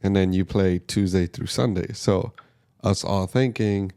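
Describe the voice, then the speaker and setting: Low, mellow-voiced man chatting. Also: steady tone, unhurried, vocal fry, smooth. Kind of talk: casual chat.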